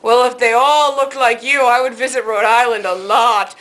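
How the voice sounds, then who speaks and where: A woman voicing a flirtatious middle-aged male pizza server, pushy and flattering, in a story she retells. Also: fairly high pitch, normal speed, close to an everyday voice, poor audio.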